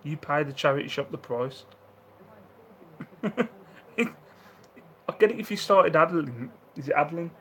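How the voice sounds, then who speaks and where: Broadcasting from home, this second-hand reseller hosts a casual live stream where he reads viewer comments aloud, laughs frequently, and imitates characters from his anecdotes. He sounds animated, bright, and forceful, with a slightly high voice, an unhurried pace, and long pauses. There's slight background noise in the rough recording.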